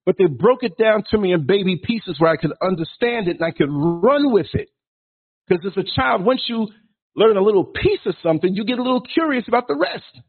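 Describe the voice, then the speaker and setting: This podcast host, a man in his sixties, rants in a blunt, provocative, preachy monologue. His high voice moves briskly with lively intonation, and the audio sounds thin and phone-like.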